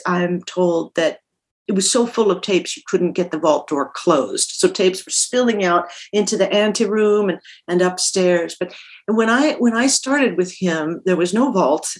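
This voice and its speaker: An older woman with a Minnesota accent, a guest telling detailed stories from memory in a podcast interview, often restarting her sentences. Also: on the low side. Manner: detailed, self-correcting recollection. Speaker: guest, audio engineer.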